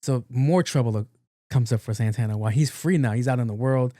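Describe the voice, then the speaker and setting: Speaking fairly quickly in a medium-pitched voice with a dark tone, this man hosts a podcast and gives a casual recap of a film. He tells the story loosely, with slang and profanity, and the studio recording is clean and echo-free.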